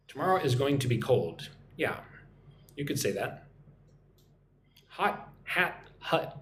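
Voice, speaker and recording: Lively American man teaching English. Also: mid-range voice, echoey room, a little hiss or hum. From United States. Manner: repeats example phrases slowly and clearly for learners. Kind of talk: live-streamed English lesson. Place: at home.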